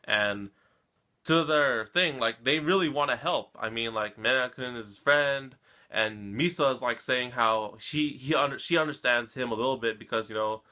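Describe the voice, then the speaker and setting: A man's voice: medium pitch, moderate pace, bright, forceful tone. A man hosting an anime reaction channel, recapping an episode in a casual, emotional and rambling way, often turning to his viewers. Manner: emotional, rambling, keeps addressing viewers with "guys" and "come on".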